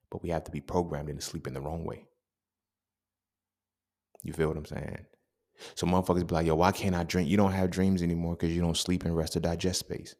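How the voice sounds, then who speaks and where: A young adult man hosting a podcast, talking in a casual, animated monologue full of profanity and street slang. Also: sits low. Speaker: podcast host.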